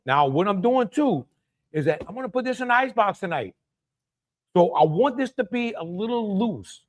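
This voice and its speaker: A man with a Louisiana accent hosting a casual live cooking stream, chatty and exclamatory, greeting viewers by name and laughing often. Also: sits high. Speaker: cooking show host.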